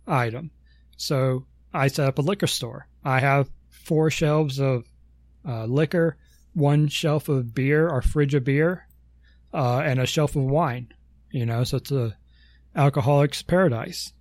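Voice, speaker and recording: A man's voice: medium pitch, darkish tone, no echo. A man co-hosting a casual podcast, rambling through long explanations with lots of ums and self-corrections. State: has the hiccups. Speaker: podcast co-host.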